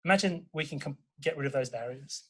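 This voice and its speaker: An Australian man giving a conference presentation as a university lecturer, animated and checking in with the audience, with frequent fillers and restarts. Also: on the high side, quick pace, husky.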